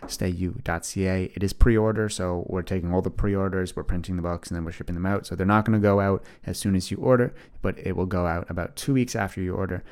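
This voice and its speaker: Low-voiced young man hosting a podcast. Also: fairly even intonation, fairly quick, hardly any pauses, darkish tone, clean tone. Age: 20s. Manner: earnest, rambling, encouraging. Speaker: podcast host. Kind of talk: casual solo podcast monologue.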